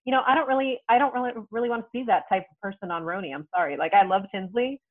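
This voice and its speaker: A woman in casual reality-TV chat, measured and agreeable, hedging her opinions. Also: medium pitch. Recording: tinny phone-like line.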